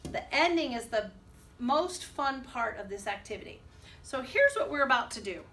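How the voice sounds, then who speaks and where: A woman's voice: high voice, animated, moderate pace, a bit bright. A woman music teacher leading a children's rhythm lesson, chanting rhythm syllables and encouraging her class. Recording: distant mic with faint background noise.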